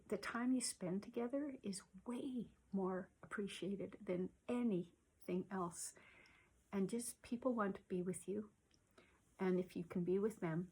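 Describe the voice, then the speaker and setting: A woman giving gentle self-care advice in a soft-spoken way, often sinking to a near-whisper, with many pauses and fillers. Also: medium pitch, husky. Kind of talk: slow, gentle advice talk to camera.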